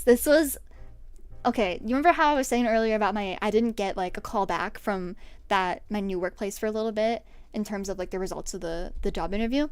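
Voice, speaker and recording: A woman's voice: on the high side, brisk, clean tone, no echo, faint music behind. A young woman streaming from home, telling stories in a rambling, casual way, with restarts and lots of "like". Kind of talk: casual storytelling while painting her nails on stream.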